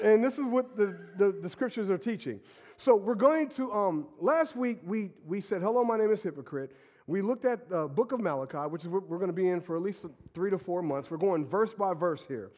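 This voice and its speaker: Pastor, man, sick with a stuffy nose, casual energetic preacher, fairly high voice, long hall reverb. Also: normal speed. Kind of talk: sermon. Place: church sanctuary.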